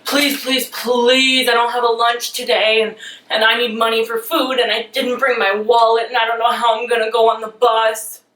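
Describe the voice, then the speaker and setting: A woman's voice: on the high side, little pitch movement, normal speed, fairly bright tone, slight background noise, lightly acted. A woman voicing a whiny young man who pleads over and over for cash, acting out a scene in a vlog. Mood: pleading. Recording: roomy, mic at a distance.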